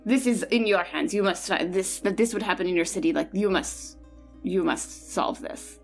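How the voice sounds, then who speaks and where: A woman's voice: fairly low pitch, normal speed, creaky, soft background music. A woman voicing a grieving, imperious young Frenchwoman, commanding and demanding. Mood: angry.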